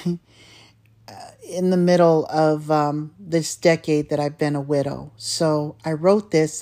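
A woman's voice: deep voice, dark tone. A middle-aged woman hosting a podcast, talking in a heartfelt, personal way and often saying "you know". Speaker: podcast host. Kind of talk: personal reflective talk.

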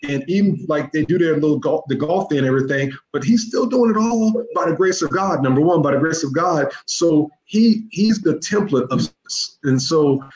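Middle-aged man, fairly high voice, emphatic and repetitive, roomy echo. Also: lively intonation, moderate pace, hardly any pauses, a little mellow, highs cut off. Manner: emphatic, repetitive, keeps addressing the host by name. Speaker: youth mentor guest. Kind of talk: casual interview talk. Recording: echoey room.

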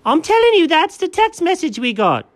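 A man voicing an excitable, high-pitched male cat in a comedy skit, squeaky and indignant. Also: normal speed, no echo. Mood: flustered. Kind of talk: comedic character voice.

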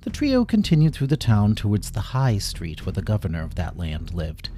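A man narrating a children's story in a gentle, lively storytelling manner. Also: on the low side, normal speed, soft background music.

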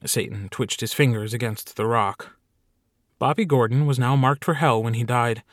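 A man narrates a short story in an even, steady way. The recording is close and dry, with no room sound. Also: medium pitch, normal speed, no echo. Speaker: audiobook narrator. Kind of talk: scripted narration.

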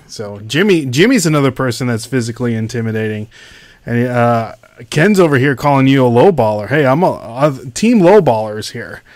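A man's voice: mid-range voice, expressive, brisk, a little mellow. Casual man hosting a livestream. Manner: reads chat names aloud and greets viewers. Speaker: livestream host.

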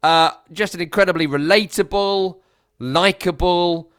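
A man hosting a football podcast, talking in an earnest, reflective way with halting restarts. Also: high voice, fairly bright tone, smooth. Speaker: podcast host. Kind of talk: casual football podcast chat.

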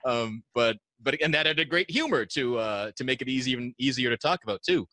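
A man speaking casually and confessionally, halting and restarting often. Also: medium pitch, lively intonation, bright, forceful tone, no room sound. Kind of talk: casual conversation.

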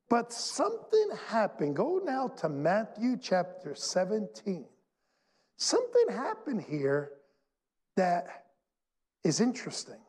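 A man pastor preaching in a church sanctuary. His voice is high and swings widely, and a long hall reverb trails each phrase. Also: husky. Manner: animated, emphatic preaching with dramatic pauses. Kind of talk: sermon.

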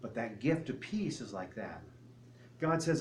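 A man's voice: mid-range voice, lively intonation, moderate pace, slight background noise. An older man preaching a sermon in a conversational way, acting out little dialogues with God and the congregation. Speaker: pastor.

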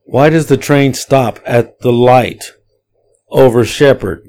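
A man hosting a podcast, casually telling a long, profane story in a rambling, animated way. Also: mid-range voice, takes it slowly. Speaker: podcast host.

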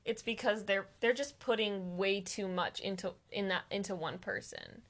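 A woman's voice: mid-range voice, steady tone, moderate pace. A young woman chatting casually with a friend, rambling with many fillers and frequent laughter. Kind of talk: casual chat between friends.

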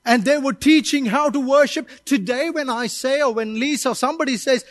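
A man's voice: very high-pitched, brisk, dry recording. A male pastor preaching a sermon at a church service, emphatic and calling out to the congregation for responses.

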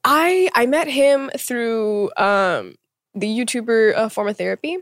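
A young woman chatting as a podcast guest, bubbly and quick to laugh, acting out quoted lines as she tells stories. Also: a little high, expressive, no room sound, clean studio sound. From United States. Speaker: guest singer. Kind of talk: casual podcast chat.

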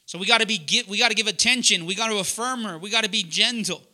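A man preaching loudly and emphatically to young adults, often asking the room to fill in words. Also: high-pitched, fast. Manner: loud, emphatic, asks the room questions. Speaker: pastor teaching young adults. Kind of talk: sermon.

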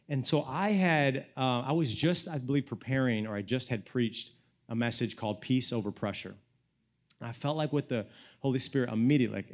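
A young man in the pulpit, a pastor, recounts a personal story in a fairly quick, mid-range voice. His delivery is informal and animated, rising loud and dropping hushed, peppered with "you know" and "like."

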